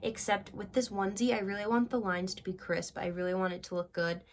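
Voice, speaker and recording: A woman's voice: medium pitch, flat delivery, brisk, a little hiss or hum. A woman in her twenties hosting a casual crafting tutorial, chatty and thinking aloud as she works. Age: 20s. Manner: chatty, gushing, talks to viewers as "guys".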